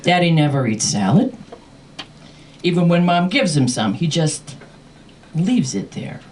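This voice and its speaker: A woman host telling a comic personal story live in a cafe, animated and often laughing, recorded from a distance. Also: fairly low pitch, a little slow. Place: cafe performance space. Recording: distant mic with faint room noise.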